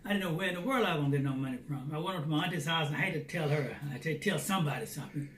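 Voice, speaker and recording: A man telling a personal faith testimony as a lively storyteller who acts out the dialogue. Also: on the high side, very fast. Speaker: Christian theater founder. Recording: roomy, distant mic, faint noise.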